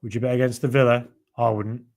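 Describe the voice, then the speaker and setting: Chatty English podcast host, mildly Brummie. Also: male voice, medium pitch, flat delivery, quick pace, creaky, a little mellow. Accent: mild Birmingham (Brummie). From England. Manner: chatty, many ums and restarts. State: voice going late at night. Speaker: podcast host reading live chat. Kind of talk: casual live-stream chat.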